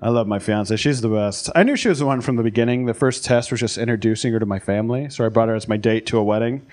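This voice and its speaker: A young American man doing a stand-up set, telling stories in a deadpan, self-deprecating way. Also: medium pitch. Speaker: stand-up comedian. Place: comedy club stage, live audience. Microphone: handheld stage mic. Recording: live club with loud crowd laughter.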